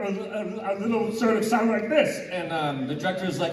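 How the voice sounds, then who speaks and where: A man telling a halting story as a voice actor on a panel. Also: sits high. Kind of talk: casual storytelling on stage. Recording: echoey hall, distant mic, loud crowd.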